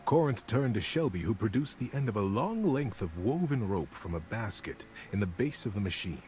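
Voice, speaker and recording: Man narrating a storybook with lively pitch. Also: normal speed, slight background noise. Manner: expressive, lively reading. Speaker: streamer reading a story aloud.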